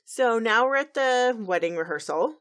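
A woman co-hosting a podcast, recapping an episode with animated, giggly storytelling. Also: on the high side, normal speed. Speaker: podcast co-host.

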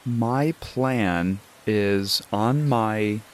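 A man's voice: on the low side, very slow. A man playing a tabletop role-playing game, hesitant and joking in casual chat. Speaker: player.

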